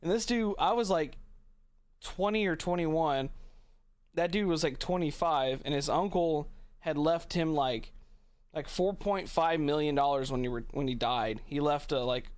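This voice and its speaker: Male streamer, slightly high voice, dry close sound, swears and rambles through stories. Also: measured pace, smooth, no room sound. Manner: rambling, profane, laughs often. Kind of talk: casual storytelling chat.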